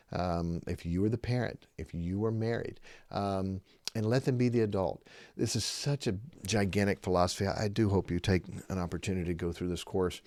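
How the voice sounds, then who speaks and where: A man's voice: sits low, mellow, dry recording, clean studio sound. A man teaching on parenting in a podcast sermon, earnest, driving points home and tagging them with "okay?". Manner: earnest, acts out short parent-child exchanges; repeats points for emphasis, tags lines with "okay?".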